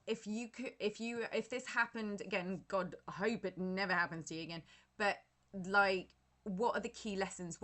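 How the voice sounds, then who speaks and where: Encouraging woman podcast host. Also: medium pitch. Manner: warm, encouraging, chatty with fillers. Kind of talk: interview.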